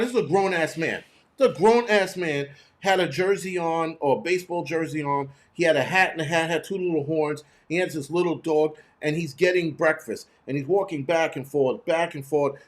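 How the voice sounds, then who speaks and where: A man hosting his own show, telling a story in a blunt, profane, animated way. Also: high-pitched. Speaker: host. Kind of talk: casual storytelling monologue.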